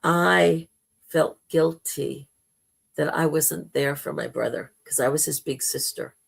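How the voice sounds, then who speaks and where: Slow gravelly-voiced woman telling a heartfelt story. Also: low-pitched. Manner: slow, heartfelt storytelling with dramatic quoted asides. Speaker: spiritual talk show host. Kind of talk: personal spiritual talk on a live stream.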